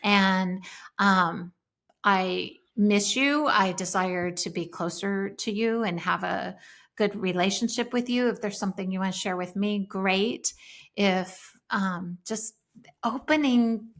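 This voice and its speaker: A woman in her fifties co-hosting a parenting podcast in casual conversation, thoughtful and slowing down to stress her points. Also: mid-range voice, fairly bright tone. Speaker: podcast co-host.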